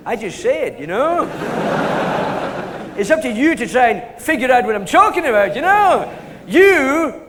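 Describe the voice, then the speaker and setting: A man's voice: extremely high pitch, big pitch swings, a little slow, pauses often, heavily acted. A man with a Scottish accent impersonating a rambling, forgetful older football pundit who loses names mid-sentence. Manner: rambling, forgetful, full of "you know" and "eh?". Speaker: comedian doing an impression. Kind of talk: live sketch comedy. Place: live stage before an audience. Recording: live hall with audience and noise.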